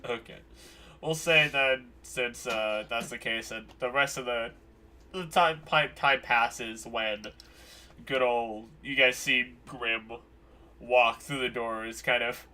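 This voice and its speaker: A man's voice: medium pitch, slow pace, pushed and bright. A man narrating as dungeon master for a tabletop game, rambling and correcting himself as he goes. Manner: rambling, self-correcting, chuckling.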